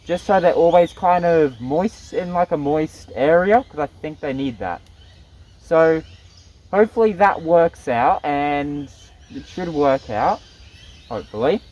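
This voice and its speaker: A young man with a notably high voice talks casually to the camera outdoors in the bush. He giggles often between his phrases, keeping the tone light and chatty. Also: a little slow, a little mellow, muffled recording. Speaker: vlogger. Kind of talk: casual outdoor gardening vlog.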